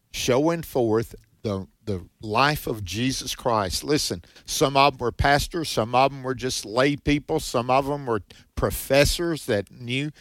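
A man's voice: medium pitch, no echo. A man co-hosting a conversational Bible teaching, emphatic and preacherly, often saying amen. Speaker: co-host.

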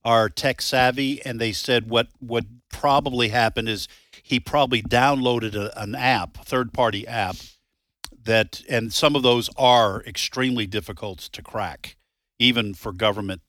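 A man co-hosting a radio talk show, chatting casually with dry humor and halting restarts. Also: medium pitch, fairly even intonation, a bit bright, no echo. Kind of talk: casual studio chat. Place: radio studio.

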